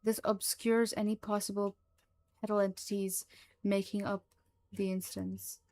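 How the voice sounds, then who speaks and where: A woman narrating a horror story in a slow, hushed, even manner. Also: medium pitch.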